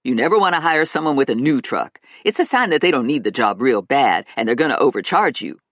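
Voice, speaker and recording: A sassy, brash woman who talks with big swings and plenty of attitude, as an audiobook narrator plays her. Her voice sits a little lower than the narration, and the recording is dry and close. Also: expressive, brisk, fairly bright tone, dry recording. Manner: sassy, emphatic, self-assured.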